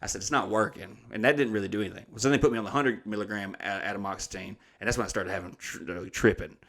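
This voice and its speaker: A man's voice: lowish voice, racing, a bit bright. A man, telling stories in a rambling, profane, laid-back way as co-host of a casual chat. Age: 30s. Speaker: podcast co-host.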